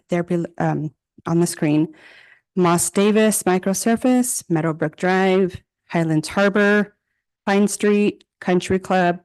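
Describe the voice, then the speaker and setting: A woman's voice: on the low side, a little mellow. A woman, a city director, giving a formal presentation at a council meeting and reading through figures and project lists steadily. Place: council chamber.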